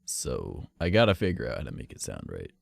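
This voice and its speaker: A man's voice: extremely low pitch, wildly swooping pitch, a little fast, creaky, no room sound. A young man with a stuffy nose, streaming and rambling casually, swearing and playing mock-offended. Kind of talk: casual chat.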